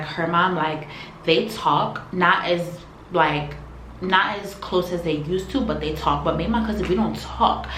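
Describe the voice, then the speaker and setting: Low-voiced woman telling a storytime. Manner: animated, slangy retelling, shifts loudness. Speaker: vlogger. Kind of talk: casual storytime. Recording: echoey room, faint background hum.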